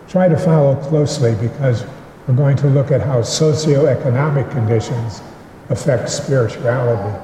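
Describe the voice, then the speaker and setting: Slow-talking pastor guy preaching, mellow voice, big echoey church with long reverb. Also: medium pitch, a little hiss or hum. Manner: slow, measured preaching with deliberate pauses. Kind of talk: sermon. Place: church sanctuary.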